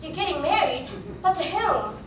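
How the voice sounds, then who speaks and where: A woman's voice: very high voice, very animated, moderate pace, noisy background. A woman playing a flustered, melodramatic young starlet bride in a theatrical, breathless manner. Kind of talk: amateur stage musical acting. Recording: echoey hall, mic far from stage, music behind.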